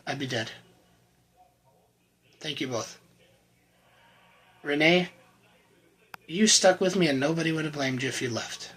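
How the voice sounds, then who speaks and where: A man giving an earnest, emotional personal faith testimony to the camera, often halting and repeating words. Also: fairly high pitch, fairly bright tone, breathy edge, rough recording. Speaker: channel host sharing his recovery testimony.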